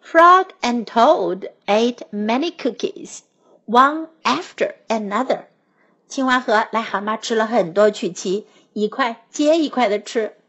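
Lady teacher reading a kids story, slow and gentle, high singsong voice. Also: muffled recording. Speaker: children's English teacher. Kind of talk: bilingual storybook reading for children.

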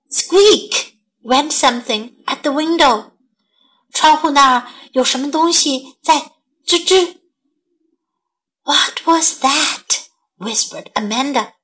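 Woman storyteller, high voice, slow and gentle bilingual bedtime reading. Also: poor audio. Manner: gentle, slow and clear, as if for children.

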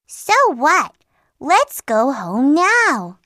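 A tiny, timid boy frog from a children's storybook who keeps pleading to go home, played by a woman. His voice is high and bouncy with lots of rise and fall, and he speaks slowly. The recording is dry and close. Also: big pitch swings, sharp tone, no room sound, full character voice. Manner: whiny, pleading. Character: small timid young male frog, eager to get home. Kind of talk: storybook acting.

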